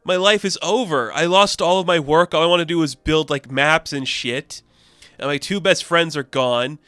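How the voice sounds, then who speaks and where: Man reading as a young robot tinkerer, loose paraphrase, bright, no room sound. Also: a little high, normal speed, clear, resonant tone, no room sound, lightly acted. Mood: despairing. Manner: offhand, casual paraphrase. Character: young male robot inventor, carefree then grieving.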